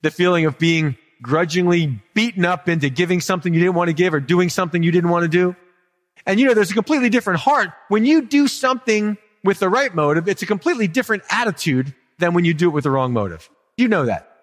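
Humorous pastor in a reverberant hall. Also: male voice, high voice, animated, fast talker. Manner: conversational and humorous, asks the congregation questions. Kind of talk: sermon.

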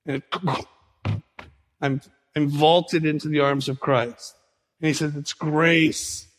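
A male pastor preaching a sermon in an animated way, acting out conversations as he teaches. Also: a little high, takes it slowly, in a large hall, faint music behind. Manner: animated preaching, acts out dialogue with Jesus.

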